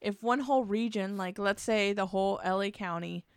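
A woman's voice: mid-range voice, moderate pace, clear, resonant tone, no echo, studio quality. A young woman in casual chat, blunt and sardonic, swearing freely.

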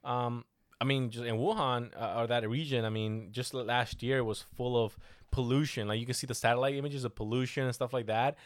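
A young man in casual chat, rambling and animated, restarting his sentences often. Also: mid-range voice, brisk, no echo.

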